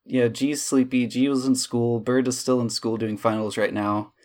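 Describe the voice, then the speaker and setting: A woman's voice: very deep voice, flat delivery, moderate pace, a little mellow. A woman running a tabletop game, chatting casually and joking, swearing freely, recorded on a home microphone. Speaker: dungeon master. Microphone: home microphone, recording over a call.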